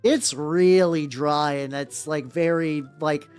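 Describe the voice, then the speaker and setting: A woman's voice: deep voice, takes it slowly, darkish tone, smooth. A woman chatting casually on a live stream while painting miniatures, rambling with lots of fillers and casual swearing. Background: faint background music.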